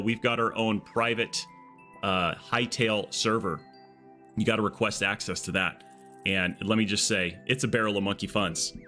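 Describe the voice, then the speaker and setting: A man's voice: on the low side, sharp tone. A man from Arizona chatting casually on a live game stream, rambling and tagging his sentences with "okay?".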